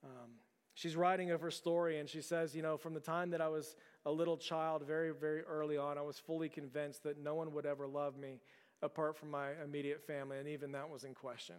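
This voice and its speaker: A pastor preaches a sermon, earnestly telling a story and often tripping over repeated words. His voice is resonant and rather high for a man, smooth and level, moving a little fast, and it echoes with the long reverb of a large hall.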